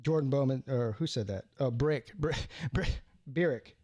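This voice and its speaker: A man hosting a live call-in sports talk show, talking in an animated, rambling way with many restarts. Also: mid-range voice, moderate pace, dry recording, studio quality.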